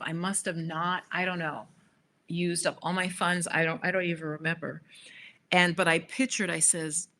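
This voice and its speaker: A woman's voice: fairly low pitch, steady tone, a little slow, sharp tone, slight background noise. A woman coaching viewers on a live stream, telling a personal story with frequent direct asides to them. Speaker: spiritual manifestation coach hosting a live stream.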